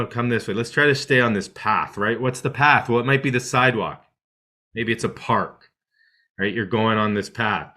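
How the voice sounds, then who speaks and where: A man with a fairly low but bright, forceful voice explains meditation to listeners. He talks in an animated way, jumping up in pitch to act out the thoughts running through someone's head, and keeps checking in with a quick "right?". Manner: animated, acts out inner voices with rising pitch; repeats "right?" often. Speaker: meditation teacher.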